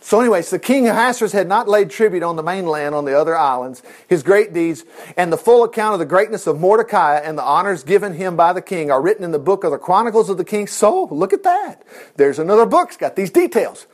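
A man teaching a Bible lesson in an animated way, chuckling and making chatty asides. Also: high voice, fast.

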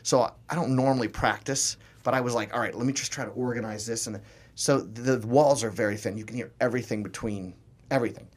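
A man from New Orleans, a comedian guest in a casual interview, telling animated stories and slipping into voices and accents. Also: mid-range voice, fast talker. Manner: animated storyteller who slips into voices and accents.

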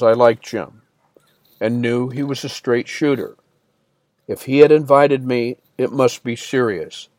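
A man's voice: medium pitch, no room sound. Man narrating an audiobook, dry and close. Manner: plain storytelling, lifts his voice a little for quoted dialogue. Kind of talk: first-person audiobook narration.

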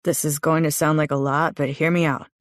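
A woman voicing a tense, protective young man who talks low, steady and urgent in an audiobook. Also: a little fast, dry recording, studio quality, lightly acted.

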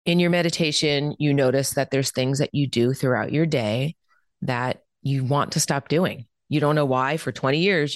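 A woman's voice: a bass voice, no echo, studio quality. A woman hosting a self-help podcast, talking listeners through changing their habits in an earnest, encouraging way. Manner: emphatic repetition for stress. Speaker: podcast host.

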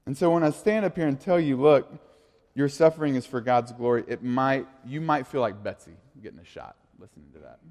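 A pastor in his thirties preaching a sermon in a casual, conversational way, moving from quiet asides to lively storytelling. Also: medium pitch, brisk. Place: church sanctuary. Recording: long reverb of a large hall.

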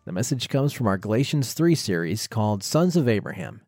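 Mellow, lively male program announcer. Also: on the low side, a little fast, no echo, clean studio sound. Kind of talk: scripted program introduction. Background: soft music bed.

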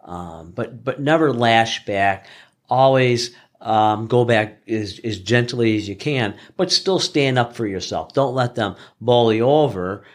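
A man's voice: mid-range voice, unhurried. Plainspoken middle-aged tradesman, earnest, casual storytelling. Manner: earnest, plainspoken, often restarts phrases. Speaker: flooring contractor guest.

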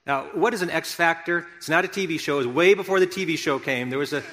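Pastor guy preaching, kinda high voice, chatty then suddenly loud, big echoey hall. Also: fast. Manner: conversational, animated preaching with sudden loud outbursts. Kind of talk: sermon. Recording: long hall reverb.

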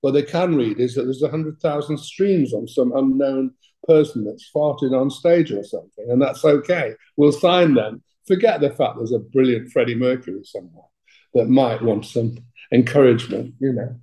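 An older Englishman speaks with a soft, mellow tone and an English accent. He tells blunt, colourful stories about his years in music management. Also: mid-range voice, normal speed, low-quality recording. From England. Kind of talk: interview anecdotes.

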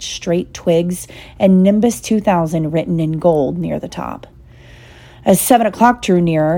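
A woman narrating a storybook at an unhurried pace. Her voice sits on the lower side and sounds mellow and warm, with an even, steady delivery. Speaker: audiobook reader.

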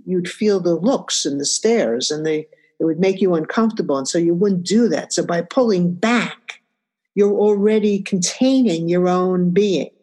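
A woman's voice: lowish voice, normal speed, dark tone. An older woman from New York telling her life story in a reflective, conversational way, often saying "you know". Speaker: interviewee. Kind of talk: personal storytelling.

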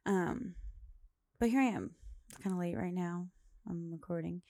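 A woman's voice: lowish voice, moderate pace, creaky, dark tone, no room sound, clean studio sound. A young adult woman hosting a podcast on her own, rambling through a casual chat full of fillers and little laughs, recorded at home late at night. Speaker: podcast host. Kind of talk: casual solo monologue.

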